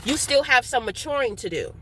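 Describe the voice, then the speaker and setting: Candid, profane woman with a bright voice. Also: sits high, animated, brisk, slight background noise. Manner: candid, profane, laughs often; talking while eating and drinking. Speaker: vlogger. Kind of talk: casual monologue.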